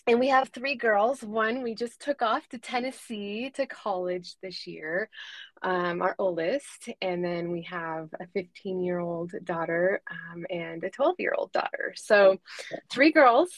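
A woman's voice: medium pitch, measured pace, no echo, poor audio. Earnest woman telling her story. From United States. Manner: earnest, frequent ums and self-corrections. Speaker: podcast guest, life coach for moms. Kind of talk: candid personal storytelling.

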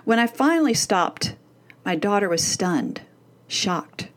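A woman's voice: mid-range voice, expressive, slow. Woman presenting a parenting course. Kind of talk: scripted course narration with personal story.

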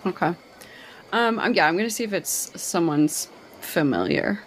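A woman playing a tabletop game, asking quick playful questions. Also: lowish voice, animated, a little hiss or hum, poor audio. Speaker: player.

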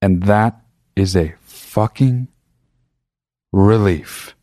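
A podcast host rants to his listeners in a casual monologue, swearing freely and hammering home his points in a profane, emphatic, animated way. His voice is low and he stretches out his words. The recording is dry, with no room sound at all.

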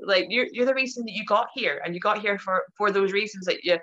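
A woman, a professional wrestler telling career stories in an interview, animated and laughing often as she acts out what people said. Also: medium pitch, fairly quick. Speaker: interview guest. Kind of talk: casual storytelling interview. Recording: dull lo-fi sound.

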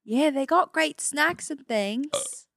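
A woman playing an excited Australian tourist with a put-on Australian accent. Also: high-pitched, slow pace, vocal fry, no echo, clean studio sound, pitched above the performer's own voice, exaggerated voice. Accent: mock Australian accent. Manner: excited, giggly improv.

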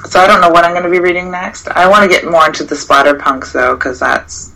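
A woman's voice: fairly low pitch, quick pace, creaky, pushed and bright, poor audio. A woman, a horror writer, chatting casually and somewhat hesitantly about her writing. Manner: rambling, hesitant. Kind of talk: casual chat. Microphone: remote call mic with feedback.

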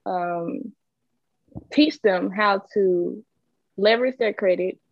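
A woman's voice: medium pitch, slow, vocal fry, dry recording, lo-fi sound. A woman advising on credit in casual chat, explaining steps plainly.

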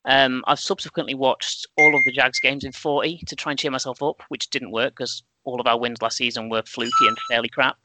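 A man's voice: mid-range voice, level tone, fairly quick, hardly any pauses, heavy background noise. A man on a podcast panel, telling wry, self-deprecating anecdotes.

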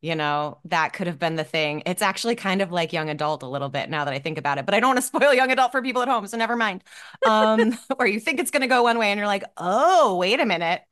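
A woman co-hosting a casual film talk, animated and breaking into laughs between thoughts. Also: medium pitch, quick pace. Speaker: podcast co-host.

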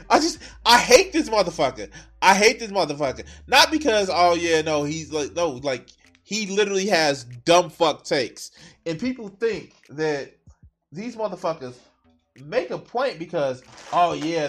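High-voiced man ranting while streaming. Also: animated, moderate pace, a bit bright, breathy edge, faint music behind. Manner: heated, swearing rants and mocking asides. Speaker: streamer reacting to a video. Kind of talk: casual profane reaction commentary.

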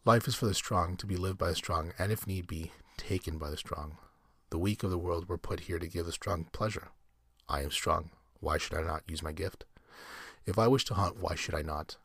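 A man with a very deep, husky voice reading the part of a cultured, cruel aristocratic general who hunts men, speaking in a suave, pleasant, mocking way. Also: moderate pace, a bit bright, dry recording, studio quality, heavily acted. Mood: menacing.

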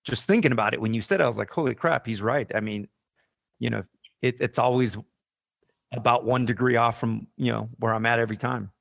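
A man's voice: medium pitch, fairly quick, creaky, a bit bright, no room sound. A man co-hosting a podcast, talking in a loose, reflective, rambling way. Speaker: podcast co-host. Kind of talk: casual podcast chat.

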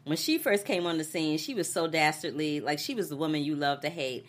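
Brief: woman, low-pitched, animated chatty recap co-host. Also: brisk. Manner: animated, laughs often, acts out characters' lines. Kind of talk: casual chat.

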